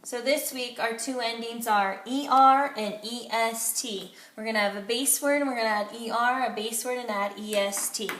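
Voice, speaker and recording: A woman teacher giving a phonics lesson to young children, slowly and clearly sounding out letters and syllables. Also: on the high side, fairly even intonation, fairly bright tone, reverberant.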